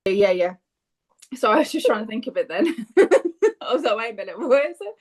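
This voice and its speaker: A woman's voice: on the high side, big pitch swings, a little fast. An English woman co-hosting a podcast, chatting casually and laughing along. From England. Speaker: podcast co-host. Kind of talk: casual chat.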